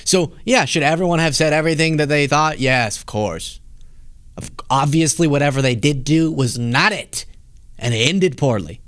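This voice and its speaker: A man's voice: on the high side, normal speed, a bit bright, no room sound, clean studio sound. A man hosting a political commentary show, reacting to interview clips with sarcastic, mocking asides. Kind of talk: casual commentary over clips.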